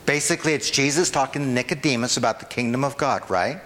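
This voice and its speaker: A man's voice: mid-range voice, fast talker, fairly bright tone, in a large hall, slight background noise. A man preaching a sermon in an informal, conversational way, often checking in with the congregation. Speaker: pastor. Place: church hall.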